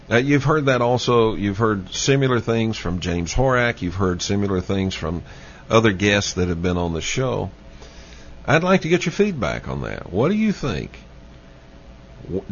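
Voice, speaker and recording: A man hosts a call-in radio show, taking his time and circling back to the same questions for his listeners. His voice sits on the low side, and his delivery is slow. The broadcast sound is dull and lo-fi, with a faint hiss underneath. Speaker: radio talk show host. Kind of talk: late-night call-in radio talk.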